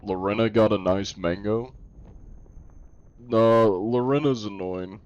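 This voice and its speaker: This young live streamer talks slowly in a lowish, somewhat dark voice while chatting casually with viewers, responding to chat and poking fun at himself. The high frequencies are cut off, and there's a slight hiss or hum.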